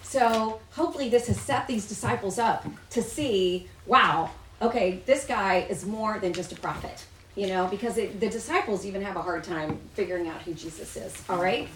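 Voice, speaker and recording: A woman's voice: medium pitch, normal speed, echoey room, far from the mic, a little hiss or hum, rough recording. A woman leading a Bible study, explaining the text in a chatty way, asking the group questions and reading passages aloud. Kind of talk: teaching and reading scripture aloud. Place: room with a small group.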